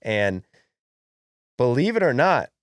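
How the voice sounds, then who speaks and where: A young man co-hosting a podcast in casual sports chat, brash and animated, swearing freely. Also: mid-range voice, slow, clear, resonant tone, dry recording, clean studio sound. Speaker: podcast co-host.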